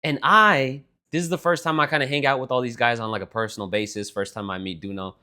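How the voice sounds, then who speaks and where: A man's voice: mid-range voice, fast. A young man co-hosting a podcast, telling a rambling story in casual chat and laughing as he goes. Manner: rambling, animated, laughs through his story. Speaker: podcast co-host.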